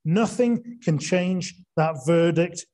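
A man's voice: fairly high pitch, takes it slowly, mellow. A man preaching an evening sermon, earnest, asking rhetorical questions and leaning hard on key words.

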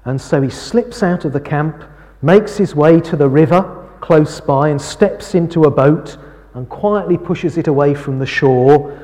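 A man preaching a sermon, speaking in a slow, measured way. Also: a little high. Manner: slow, measured preaching with lively quoted lines. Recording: reverberant hall.

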